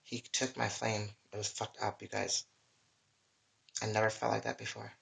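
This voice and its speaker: Bright-voiced livestreamer rambling emotionally. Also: medium pitch, flat delivery, normal speed, vocal fry. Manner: rambling and emotional, with heavy swearing. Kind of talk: casual livestream monologue. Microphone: webcam or phone mic.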